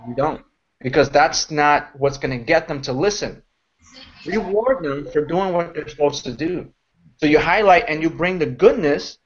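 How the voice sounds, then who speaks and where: A man mentoring a sales team about leadership in a casual, rambling, animated way, recorded as lo-fi online call audio. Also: on the high side, normal speed, slight background noise. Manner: animated, rambling, mocks shouting voices. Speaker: network marketing mentor. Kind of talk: casual motivational talk.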